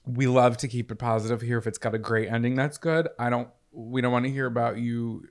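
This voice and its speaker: A man's voice: mid-range voice, steady tone, a little fast. Chatty storytelling podcast co-host man. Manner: chatty storyteller, quoting others animatedly. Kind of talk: casual chat.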